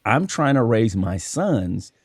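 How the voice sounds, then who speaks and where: A man's voice: on the low side, very animated, slow pace, slightly rough, no room sound, studio quality. A man hosting a casual conversation, telling stories from his work as a coach and acting out the dialogue. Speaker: podcast host and school coach.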